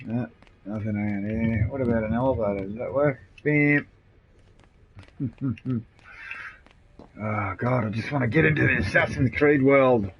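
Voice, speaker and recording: A man's voice: medium pitch, unhurried, long pauses, a little hiss or hum. A man with an Australian accent chatting loosely and swearing to his friends while he streams a video game. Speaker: gamer streaming live. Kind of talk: casual live-stream chat while gaming. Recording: dull lo-fi console stream audio.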